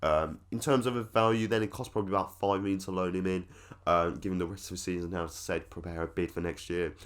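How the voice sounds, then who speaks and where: Deep-voiced football fan talking shop. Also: male voice, steady tone, fast, clean tone. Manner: rambling, filler-heavy, opinionated. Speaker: football fan channel host. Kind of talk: casual commentary to camera.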